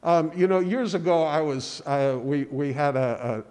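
Slow, earnest male preacher in a hall. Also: a little high, a little mellow, clear, resonant tone. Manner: earnest, halting, with many restarts and repeated words. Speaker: pastor. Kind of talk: sermon. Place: church sanctuary.

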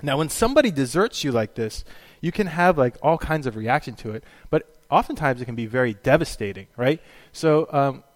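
A man's voice: mid-range voice, expressive, fairly quick. A middle-aged man preaching a sermon as pastor, telling stories in a chatty way, with plenty of fillers and little laughs. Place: church sanctuary. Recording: long hall reverb.

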